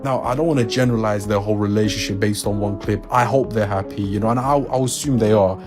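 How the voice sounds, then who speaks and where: Man, online commentary, incredulous and exasperated, clear music bed behind. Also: fairly low pitch, steady tone, fast, few pauses. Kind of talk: commentary on a social media clip.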